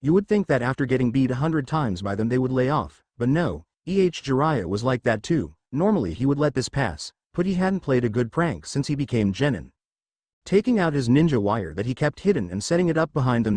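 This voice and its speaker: Man narrating a story, animated pitch, dry close sound, middle voice. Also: fairly quick, no room sound. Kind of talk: scripted fan-fiction narration.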